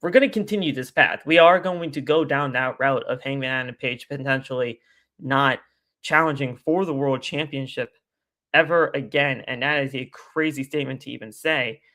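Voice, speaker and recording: Guy guesting on a stream, bright sharp voice, rambles and repeats himself. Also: mid-range voice, normal speed. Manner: animated, rambling, repeats phrases. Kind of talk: casual live-stream chat.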